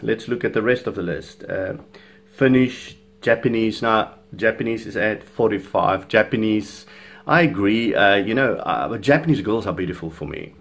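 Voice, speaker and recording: A man's voice: fairly low pitch, expressive, normal speed, soft background music. A South African man whose first language is Afrikaans, giving chatty, opinionated video commentary with frequent chuckles. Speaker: fitness vlogger.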